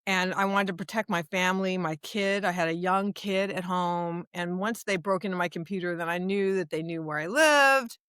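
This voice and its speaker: A woman from the United States, a lawyer and advocate, answering interview questions in a lively storytelling way with many restarts. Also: fairly low pitch, normal speed, hardly any pauses, clean tone, no room sound, studio quality. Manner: animated storyteller, acts out dialogue, many restarts. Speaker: guest, human rights advocate and lawyer.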